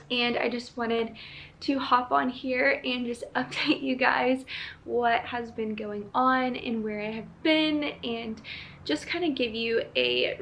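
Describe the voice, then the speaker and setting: A woman's voice: fairly high pitch, gravelly, fairly bright tone, slight background noise. A young woman, talking casually to her camera from her apartment, emotional and laughing often. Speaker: vlogger.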